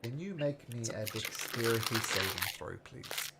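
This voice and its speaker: A man running a tabletop game as game master, chatty and quick to laugh, often restarting his sentences. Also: medium pitch, lively intonation, gravelly, very noisy.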